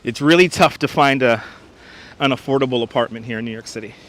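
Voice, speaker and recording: A man's voice: mid-range voice, fast talker, fairly bright tone. A man live-streaming outdoors on a frozen beach, chatting casually and greeting viewers by name on a wireless lapel mic. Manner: chatty, greets viewers and reads chat names aloud. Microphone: wireless lapel mic, phone on gimbal.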